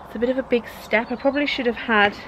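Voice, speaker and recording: A woman's voice: fairly high pitch, steady tone, racing, a bit bright, lo-fi sound, slight background noise. A woman chatting casually in her vlog, rambling and poking fun at herself. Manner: chatty, rambling, self-deprecating. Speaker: vlogger.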